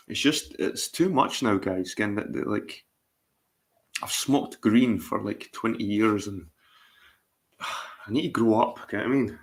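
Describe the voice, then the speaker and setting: A middle-aged Scottish man talks casually to his livestream viewers in a slightly low voice. He rambles and repeats himself, swearing often as he talks. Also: fairly bright tone. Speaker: livestream host.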